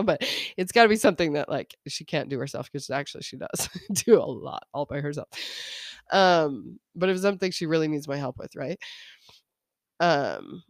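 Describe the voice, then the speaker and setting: A woman's voice: low voice, lively intonation, a little fast, no echo, clean studio sound. A woman in her thirties hosting a casual solo podcast about parenting, chatty, laughing often and quoting her kids. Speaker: podcast host.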